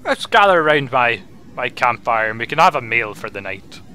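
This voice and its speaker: A man's voice: medium pitch, sing-song, normal speed, pushed and bright, a little hiss or hum. A man voicing a male wizard who commands zombies, speaking formally and overly politely with hesitant phrasing. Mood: gracious.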